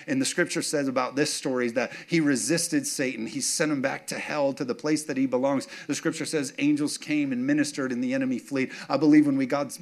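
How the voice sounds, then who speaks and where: A middle-aged man preaching a sermon, telling self-mocking stories with humor and often asking the congregation if they are with him. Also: mid-range voice. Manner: animated, asks congregation for response. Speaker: pastor.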